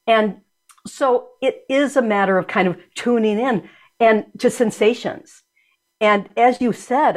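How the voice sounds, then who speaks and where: A woman being interviewed as an energy medicine practitioner, speaking in a reflective, searching way with frequent restarts. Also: on the high side. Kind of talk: conversational interview.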